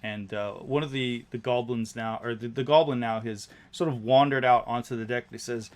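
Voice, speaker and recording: Halting game master narrating scenes. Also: male voice, medium pitch, steady tone. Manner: descriptive, halting, many fillers.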